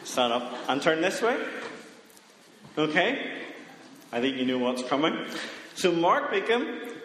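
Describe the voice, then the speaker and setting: A slow, sing-song voice, a little high and fairly bright, guides a playful children's sermon where the preacher invites the congregation up from the pews to act out a story. It's captured in a large church hall with echo, long reverb and faint noise.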